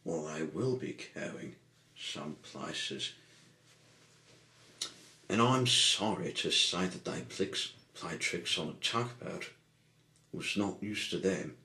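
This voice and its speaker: A man reads a children's story aloud with a low, bright voice. He goes slowly, stumbling and rephrasing as he reads. An echoey room rings around him. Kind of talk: amateur storybook reading.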